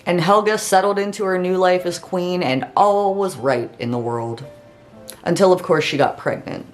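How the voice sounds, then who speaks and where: Here is a woman hosting a comedic fairy tale retelling. She narrates in a casual, lowish voice, and faint music plays underneath her. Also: normal speed. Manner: casual, sarcastic asides. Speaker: storyteller host.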